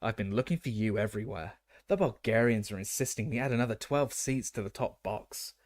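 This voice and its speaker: A man's voice: fairly low pitch, fairly quick, close to an everyday voice. A man doing a stiff, dry elderly official. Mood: impatient. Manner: clipped, dry.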